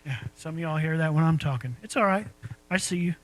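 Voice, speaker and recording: A man's voice: a little high, a little fast, fairly bright tone, rough recording. A man preaching a sermon in a folksy, conversational way, asking his listeners rhetorical questions. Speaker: pastor.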